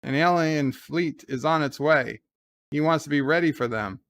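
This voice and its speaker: A man's voice: a little high, normal speed, fairly bright tone. A man hosting a live watch-along, casually retelling scenes in loose paraphrase and answering viewer chat. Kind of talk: casual live episode commentary.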